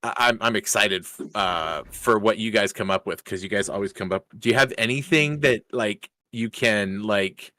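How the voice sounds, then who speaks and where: A lower-pitched man hosts a racing league stream in loose, upbeat chat. He rambles through fillers and restarts. The sound is dry and close, with no room echo. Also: a little fast, few pauses, pushed and bright. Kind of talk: casual live-stream chat.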